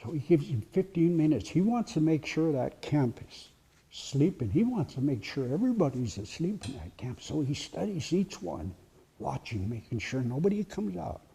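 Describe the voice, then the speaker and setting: Gravelly, husky male storyteller. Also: on the high side, very animated, mellow. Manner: dramatic pauses, drops to whispers for suspense. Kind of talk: live oral storytelling. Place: heritage center presentation.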